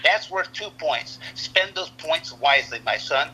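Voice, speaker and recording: A man's voice: on the high side, lively intonation, a little slow, bright, forceful tone, slightly rough, muffled recording. A man in his sixties from the United States, a retired wrestler telling long rambling stories in a casual interview, often repeating words and restarting sentences. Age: 60s.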